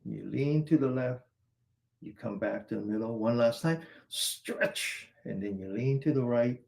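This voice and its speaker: A man guiding a qigong exercise class, calmly cueing each stretch and breath step by step. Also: mid-range voice, normal speed, creaky. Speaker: qigong instructor. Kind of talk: guided exercise class instruction.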